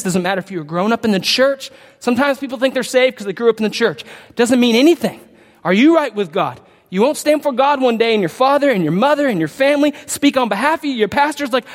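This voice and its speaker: High-voiced pastor preaching in a reverberant hall. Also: male voice, expressive, a little fast. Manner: emphatic preaching with call-and-response questions. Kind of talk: sermon.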